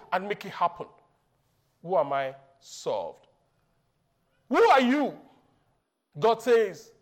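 Male preacher, high and lively voice, acts out quotes, laughs often. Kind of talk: sermon.

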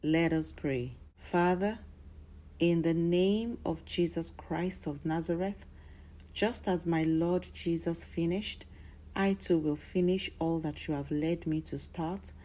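A woman preaches a sermon with a low, mellow voice. Her delivery is declarative and steady, and it swells into emphatic bursts of emphasis. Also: takes it slowly.

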